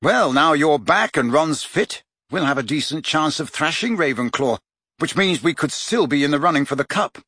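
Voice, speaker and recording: A man's voice: a little high, lively intonation, moderate pace, bright, forceful tone, husky, no echo, studio quality, full character voice. Brief: man voicing a young hero, guarded and earnest. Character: teenage schoolboy, guarded and earnest.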